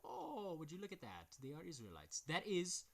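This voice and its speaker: A man's voice: a little high, wildly swooping pitch, normal speed, vocal fry, fairly bright tone. Blunt, swearing man reading aloud. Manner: blunt, crude, mocking, swears often; reads passages aloud then comments. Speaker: video host reading from books. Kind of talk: casual, profane commentary reading quotes aloud.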